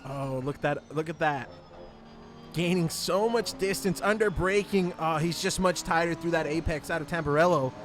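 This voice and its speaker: Excitable joking race commentator man. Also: fairly high pitch, moderate pace, soft background music. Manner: excitable, joking, laughs often. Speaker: sim racing commentator.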